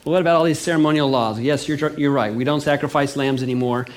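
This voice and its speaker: A man preaching a sermon, animated and conversational, acting out little everyday scenes. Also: mid-range voice, fast.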